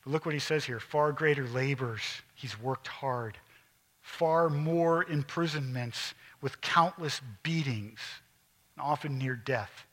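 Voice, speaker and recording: A middle-aged male pastor preaching a sermon, emphatic at times and dropping to quiet, intense asides. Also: mid-range voice, takes it slowly.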